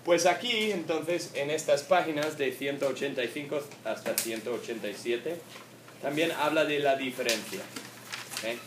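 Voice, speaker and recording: A man teaches a grammar class in a loose, chatty way, switching languages and asking "okay?" after nearly every point. He sounds set back from the mic in an echoey classroom. A steady hiss of noise runs under his voice. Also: a little high, fairly quick, far from the mic. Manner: casual, repeats "okay?" often, switches between English and Spanish. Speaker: Spanish teacher. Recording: echoey room recorded from afar, with noise.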